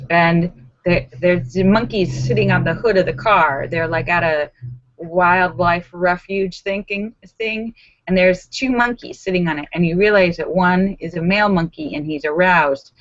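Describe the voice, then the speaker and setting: A woman hosting a casual live stream from home, chatting with viewers and telling stories with animated voiced reactions. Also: on the low side, no echo. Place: home in Los Angeles. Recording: dull lo-fi sound.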